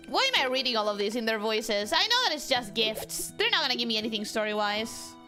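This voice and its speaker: Her voice runs on the high side with lively intonation, and she speaks briskly with few pauses. A young woman casually streams a game from home, bubbly and talkative with her viewers over a desk mic while game music plays.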